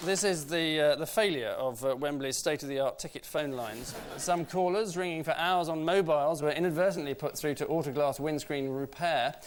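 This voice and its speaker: A man hosting a quiz show, delivering scripted comic links in a dry, deadpan way. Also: fairly high pitch, normal speed, few pauses, some chatter behind. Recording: loud studio audience and noise.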